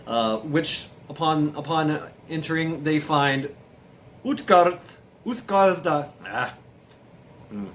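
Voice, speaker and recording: Male storyteller, casual, rambling, hesitant, slightly high pitch. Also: takes it slowly, fairly bright tone. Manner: rambling, hesitant, many fillers and restarts. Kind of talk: casual myth retelling.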